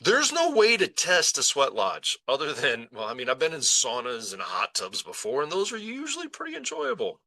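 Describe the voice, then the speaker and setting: A man hosting a podcast, telling a personal story slowly and deliberately, with dramatic pauses and repetition. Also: mid-range voice, wildly swooping pitch, bright, forceful tone, no room sound, poor audio. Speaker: podcast host. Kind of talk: reflective storytelling monologue.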